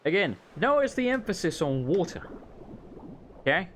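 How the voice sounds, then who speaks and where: A man's voice: high voice, very animated, moderate pace, fairly bright tone. Sarcastic young man commenting on a game. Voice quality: sarcastic, wisecracking, swears casually. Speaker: let's play host. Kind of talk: casual gameplay commentary.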